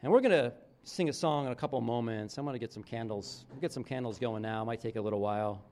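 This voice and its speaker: A man preaching a sermon as pastor, talking casually with restarts, his phrases often dropping low and quiet at the end. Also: quick pace.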